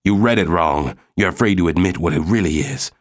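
A man voicing a sly, sullen man in an audiobook, talking in a slow, low, drawn-out way. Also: no room sound, clean studio sound. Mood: gloating.

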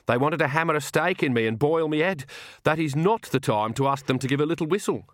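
A man voicing a big, gruff castle servant who talks slowly in a thick, sorrowful voice. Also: on the high side, lively intonation, fairly bright tone, no echo, clean studio sound, voice pushed up. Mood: mournful.

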